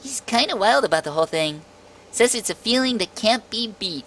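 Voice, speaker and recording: A man's voice: high voice, lively intonation, normal speed, sharp tone, pitched above the performer's own voice, full character voice. A man putting on a raised, girlish voice for a giggly, bold young woman athlete in a game. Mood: playful.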